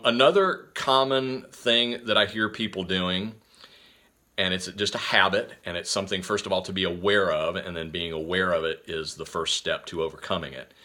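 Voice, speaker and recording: Male host, energetic and rambling, deep and bright, relaxed instructional talk. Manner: energetic, rambling, many fillers and restarts.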